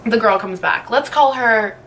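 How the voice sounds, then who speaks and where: A woman's voice: a little high, unhurried, a bit bright, slight background noise. A young woman vlogger telling a storytime tale in a chatty way, full of "like" fillers and casual swearing. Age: young adult. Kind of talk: storytime vlog.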